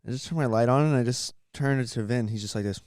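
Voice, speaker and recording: A man's voice: medium pitch, fast, a little mellow, clean tone, no room sound. A young man hosting a podcast, telling rambling stories in casual chat, full of fillers and swearing. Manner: rambling, profane storytelling with many fillers. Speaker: podcast host.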